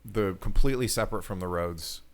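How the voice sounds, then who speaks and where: A man's voice: on the low side, brisk. A man hosting a podcast, chatting casually with many fillers and restarts. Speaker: podcast host. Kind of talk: casual chat.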